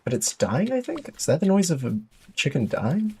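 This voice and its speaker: A man's voice: on the high side, moderate pace, slight background noise. A man streaming a survival game, giving chatty, playful live commentary with jokey exclamations. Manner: chatty, playful, self-mocking; excitable exclamations.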